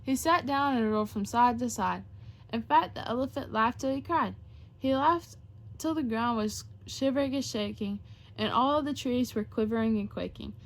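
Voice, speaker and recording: A woman reading a children's rhyming picture book aloud, expressive and rhythmic. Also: a little high. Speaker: storybook reader, show host.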